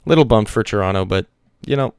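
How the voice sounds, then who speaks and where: A man co-hosting a casual esports podcast, chatting quickly through teams and players. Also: on the low side, expressive, creaky, darkish tone, smooth, no room sound, clean studio sound. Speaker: podcast co-host.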